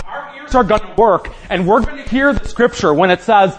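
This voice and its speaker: A man's voice: high voice, moderate pace, poor audio. A man preaching a sermon as pastor, building up with rhetorical questions and acting out quotes.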